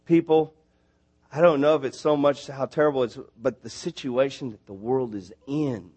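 A man preaching a sermon, animated and building to emphatic near shouts on his points. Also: medium pitch, brisk, husky. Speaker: missionary preacher. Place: church.

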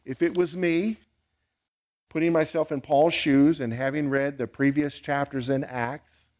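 A man's voice: a little high, steady tone, unhurried, a little mellow. A male pastor preaching a sermon in a wry, conversational way, posing questions to the congregation.

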